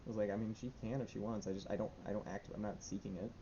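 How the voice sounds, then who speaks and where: Anxious young man rambling, low and dull. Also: steady tone, very fast, warm tone. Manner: rambling, nervous, lots of fillers and restarts. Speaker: vlogger. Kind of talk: casual rambling diary vlog. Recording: dull lo-fi with faint rumble.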